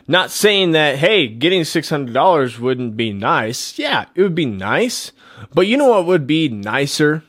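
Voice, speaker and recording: A man's voice: a little high, sing-song, a little slow, dry recording, clean studio sound. A man hosting a political opinion show, talking in an emphatic, repetitive and preachy way. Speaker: political commentary host. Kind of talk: opinion monologue.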